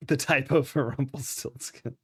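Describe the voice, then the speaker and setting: A man's voice: mid-range voice, fairly even intonation, moderate pace, a bit bright, breathy edge. A man streaming a game live, chatting casually and poking fun at himself while thanking viewers.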